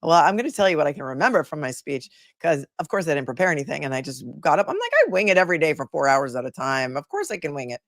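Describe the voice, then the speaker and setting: A woman's voice: deep voice, sing-song, quick pace, few pauses, dry recording, studio quality. A woman attorney hosting a casual livestream, chatting and rambling as she reads viewer comments aloud, older than her peers. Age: older than her peers, calls herself the old lady of the group. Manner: chatty and rambling, with many fillers and restarts.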